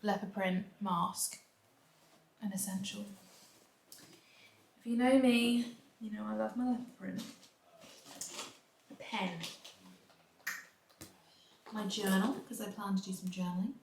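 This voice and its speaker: A young woman vlogging in a relaxed, chatty way, talking straight to her handheld camera with quick asides. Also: mid-range voice, creaky, slight background noise. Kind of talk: casual vlog chat. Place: home, then an outdoor restaurant. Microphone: handheld camera or phone.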